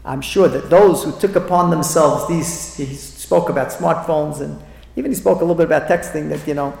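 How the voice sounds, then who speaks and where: This speaker at a religious talk is an animated man giving an inspirational, story-driven address, repeating phrases and acting out the voices he quotes. His voice runs somewhat high and creaky, and he talks a little quickly. The hall is echoey, with long reverb.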